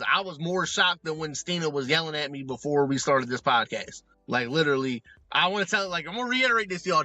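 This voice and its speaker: Animated, bright-voiced joking man. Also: on the high side, dry recording. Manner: animated, profane, joking, does mock voices in asides. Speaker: podcast co-host. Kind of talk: casual comedic commentary. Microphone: remote recording, close mic.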